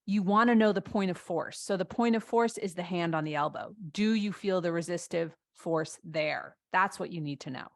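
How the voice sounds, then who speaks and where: A woman's voice: lowish voice, moderate pace, hardly any pauses. A woman co-teaching a live online stretching class, asking her partner questions and encouraging the participants. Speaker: co-instructor.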